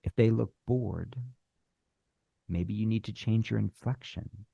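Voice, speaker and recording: A middle-aged man teaching screenwriting, talking animatedly, with deliberate pauses and acted-out bits of dialogue. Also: fairly low pitch, gravelly, breathy edge, dry recording, highs cut off. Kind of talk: instructional talk.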